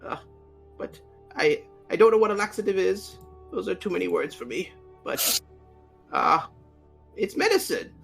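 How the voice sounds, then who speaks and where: A man voicing a simple-minded male leader who whines and talks slowly and confusedly in a tabletop game. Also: high voice, animated, gravelly, fairly bright tone, soft background music, pitched above the performer's own voice, heavily acted. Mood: whiny. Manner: whiny, slow, confused. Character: dim-witted whiny male elder leader.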